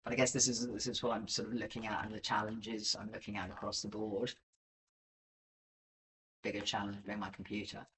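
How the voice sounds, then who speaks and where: A man's voice: on the low side, little pitch movement, fairly quick, pauses often, bright, forceful tone, distant mic, slight background noise, rough recording. A man giving casual live-stream market commentary over charts, rambling and self-deprecating with many filler ums. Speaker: livestream crypto chart analyst.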